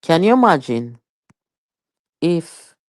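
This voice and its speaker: A woman's voice: low-pitched, very animated, slow, no room sound, clean studio sound. A Jamaican woman hosting a live political commentary stream, chatty and emphatic, with rhetorical questions and patois asides.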